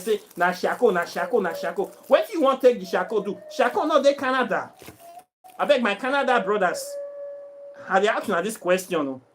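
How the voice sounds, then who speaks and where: Nigerian man, high pitch, Pidgin-tinged accent, exasperated vlog rant, repeats himself. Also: a bit bright, a little hiss or hum. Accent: Nigerian, mixing in Pidgin. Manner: exasperated, repetitive complaining. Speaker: vlogger selling herbs and spiritual products. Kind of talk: casual vlog rant to viewers.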